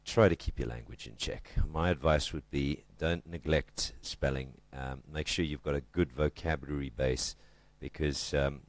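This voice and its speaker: A man with an extremely deep voice gives a casual literature lesson. He chats and jokes his way through it and punches the stressed syllables. The sound is close and dry, with no room echo. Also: moderate pace, few pauses. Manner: chatty and joking, with emphatic stresses. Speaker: literature teacher.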